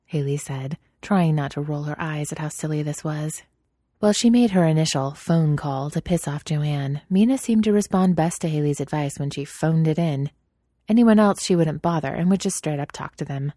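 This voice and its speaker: Woman, low voice, dark and mellow, story narration, dry recording. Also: normal speed, dry recording.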